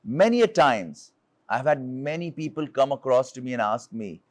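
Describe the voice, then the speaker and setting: A man's voice: medium pitch, animated, moderate pace, no room sound. A man from India, giving an earnest motivational talk as a leadership speaker, telling a personal story and asking rhetorical questions.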